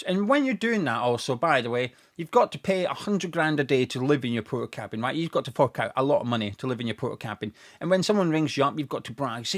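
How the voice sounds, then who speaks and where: A man's voice: mid-range voice, fast talker, hardly any pauses. A young man, hosting a football fan show and ranting sarcastically about his club's owners. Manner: sarcastic, mocking, animated rant with mock quotes. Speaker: football fan podcast host.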